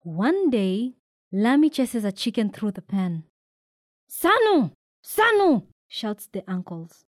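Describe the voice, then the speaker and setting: A woman from Kenya reading a children's picture book aloud, with lively shouted voices for the characters. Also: mid-range voice, measured pace, no room sound, clean studio sound. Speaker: storybook reader. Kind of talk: expressive read-aloud storytelling.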